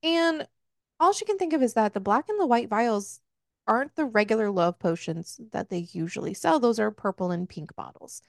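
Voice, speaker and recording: Woman podcaster dishing on a book, cussy and joking, highish voice, dry mic. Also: moderate pace, gravelly, no echo. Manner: animated, swears, jokes mid-retelling. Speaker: book club podcast host. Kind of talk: casual book recap chat.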